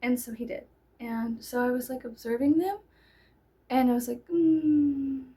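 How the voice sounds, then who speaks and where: A woman telling a story in a casual way, animated and breaking into loud laughing shouts. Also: fairly high pitch, normal speed, slightly rough.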